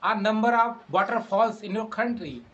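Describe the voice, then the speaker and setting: A man's voice: high-pitched, normal speed, pushed and bright, highs cut off. A man in his twenties from India with an Indian English accent, an English trainer who patiently repeats and rephrases his questions. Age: 20s. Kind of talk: casual English practice conversation.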